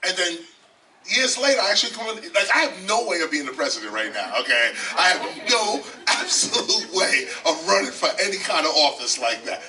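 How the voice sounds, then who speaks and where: Animated older New man. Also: high voice, brisk. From South Bronx, New York. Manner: emphatic, repeats phrases, often says "okay?". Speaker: interview guest, rapper and teacher. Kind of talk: animated storytelling. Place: library, indoors. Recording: distant mic, faint background noise.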